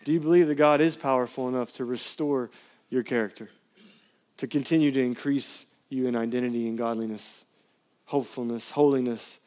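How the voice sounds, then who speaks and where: A man preaching a sermon, impassioned, climbing to pleading highs and then dropping quiet and intimate. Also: steady tone, brisk. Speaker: pastor.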